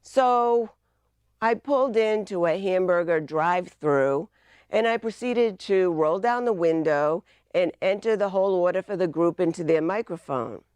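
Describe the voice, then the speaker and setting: Woman, Boston accent, humorous club speech, playful storyteller, lowish voice, dry sound. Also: unhurried, darkish tone, smooth, no echo. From Massachusetts, US. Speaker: club speaker.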